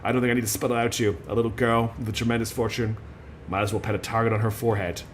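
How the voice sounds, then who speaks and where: A man reading a calm worldly protector. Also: fairly low pitch, racing, slight background noise, voice pushed down, close to an everyday voice.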